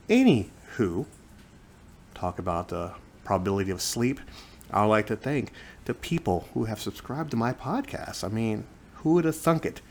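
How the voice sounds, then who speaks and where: A man in his forties hosting his own podcast from home, talking in a joking, self-mocking monologue that swings between loud bursts and soft asides. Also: lowish voice, a little hiss or hum. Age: 40s. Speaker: podcast host. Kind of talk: casual comedic monologue. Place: living room at home, on a couch. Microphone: microphone close in front of his face.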